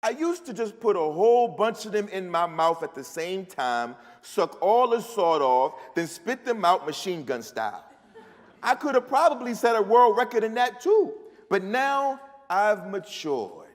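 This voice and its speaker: A man's voice: sits high, very animated, unhurried. A man, an author, giving a live, rhythmic first-person reading of his fiction in a large festival hall. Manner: rhythmic, storytelling delivery. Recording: long hall reverb.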